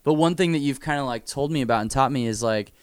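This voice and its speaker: A man interviewing a guest in a casual chat, easygoing and quick to joke or agree. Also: medium pitch, clean tone, no echo, studio quality. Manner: easygoing, joking, eager to agree.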